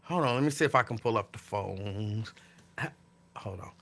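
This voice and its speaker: Bright-voiced man hosting casual talk. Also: fairly low pitch, moderate pace, gravelly. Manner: animated, incredulous, talks back to viewers' comments. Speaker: talk show host. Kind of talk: casual live-stream chat. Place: home.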